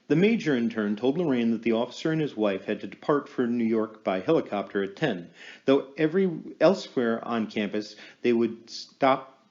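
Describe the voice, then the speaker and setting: A man narrating an audiobook in a measured storytelling manner. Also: mid-range voice, animated, a little mellow, muffled recording. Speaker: audiobook reader.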